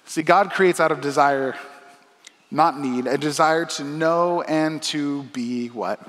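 Emphatic pastor preaching in a reverberant hall. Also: male voice, fairly high pitch, takes it slowly. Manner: conversational, swings from soft asides to loud emphatic lines. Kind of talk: sermon. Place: church auditorium.

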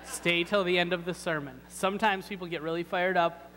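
A man's voice: high voice, fairly even intonation, fairly quick, pushed and bright, long reverb tail, rough recording. A man preaching a sermon in a church, talking in a conversational, wry way with many rhetorical questions. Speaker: pastor. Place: church sanctuary.

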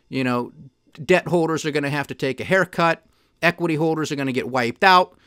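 Male podcast host, fairly high-pitched, emphatic and indignant. Dry, close sound. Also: moderate pace, a bit bright, smooth, no room sound. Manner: emphatic, indignant, mocking quoted officials. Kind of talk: solo commentary.

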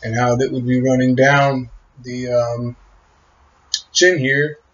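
A man of middle pitch rambles on, halting often and trailing off between thoughts. The recording is dull and lo-fi. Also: flat delivery, fairly bright tone. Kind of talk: rambling monologue. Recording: muffled lo-fi recording.

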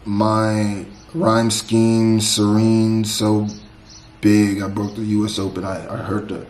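A man's voice: fairly low pitch, monotone, slow pace, darkish tone, roomy sound. A man hosting a reaction video, talking casually and repeating lines back to himself as he thinks them over.

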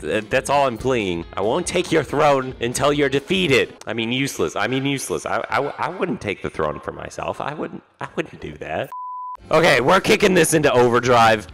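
A young man hosting casual game commentary, jokey and animated, often stammering and restarting his words. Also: mid-range voice, gravelly. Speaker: gaming video host. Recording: faint background music.

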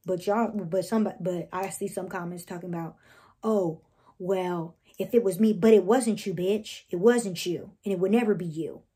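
A young woman talks straight to camera, blunt and heated, swearing freely. Her voice sits at a middling pitch, and she acts out what she and others said. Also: dark tone, husky. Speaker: reality show cast member telling her side. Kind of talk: casual talking-head vlog.

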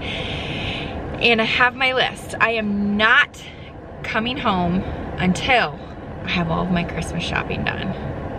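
A woman's voice: mid-range voice, noisy background. Chatty woman vlogging at home. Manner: chatty, rambling, with small laughs. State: out of breath. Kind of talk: casual vlog talk to camera. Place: at home, then in a car and out in the cold.

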